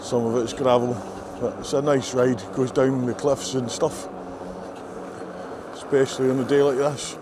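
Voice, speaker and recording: A man's voice: mid-range voice, level tone, moderate pace. Wry older Scottish man outdoors. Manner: chatty, wry and self-mocking. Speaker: race course sweeper. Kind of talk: casual vlog narration while cycling. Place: outdoors on a coastal trail. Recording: faint outdoor noise.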